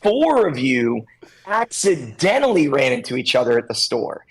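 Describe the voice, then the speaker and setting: Guy on a podcast, kinda husky, voice bouncing all over, coaching and acting out little scenes. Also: medium pitch, sing-song, normal speed, poor audio. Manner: emphatic, coaching tone. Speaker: guest expert on social media for stylists. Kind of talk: animated podcast chat.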